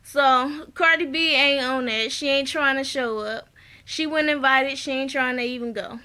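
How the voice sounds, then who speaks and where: A woman with a high, bright voice talks through a reality-show episode in a loose, slangy recap. She is blunt and opinionated and keeps breaking into laughter as she goes. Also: steady tone, normal speed. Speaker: TV show reviewer. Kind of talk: casual recap vlog.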